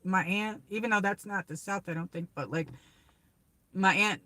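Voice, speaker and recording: Woman, New York accent, casual livestream host, rambling chatter, bright voice, dry close sound. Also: medium pitch, moderate pace, no echo. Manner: rambling, chatty, reads viewer comments aloud. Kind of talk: casual live chat with viewers. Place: car on a drive.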